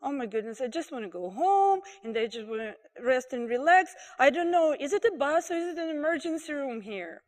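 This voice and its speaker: A woman's voice: sits high, animated, a little fast, few pauses. Woman doing a tired bus driver guy, stern and fed up, echoey hall. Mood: exasperated. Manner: stern, then tired and exasperated. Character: weary patient male bus driver.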